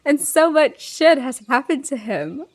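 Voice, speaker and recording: A woman streamer chatting casually with giggly asides while reading a story live. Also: sits high.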